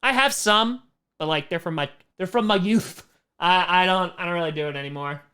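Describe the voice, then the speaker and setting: A man running a casual livestream Q&A as a comedian, reading questions off the screen and firing back joking answers. His voice is bright and forceful, with a loose, self-mocking manner that often trails into a laugh. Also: high voice. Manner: reads fan questions aloud and answers with quick jokes. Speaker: comedian hosting a fan Q&A stream.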